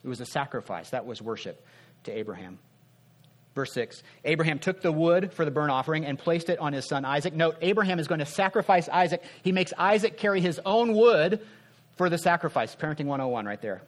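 A man preaching a sermon in a conversational way, asking rhetorical questions and dropping his voice softly to make a point. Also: a little high, animated, fairly quick. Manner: earnest, drops soft for emphasis.

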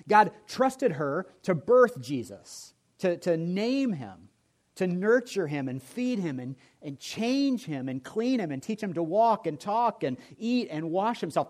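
A man preaching a sermon as pastor, telling stories with humor and shifting between loud and soft delivery. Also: high-pitched. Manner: storytelling with humor, lively swings in volume.

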